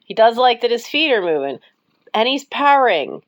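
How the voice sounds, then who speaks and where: A woman's voice: on the high side, big pitch swings, moderate pace, no echo. A woman talking to her cats while filming at home, cooing and giggling often. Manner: baby-talks to cats, breaks into frequent giggles. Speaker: pet vlogger. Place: cold house, bedroom.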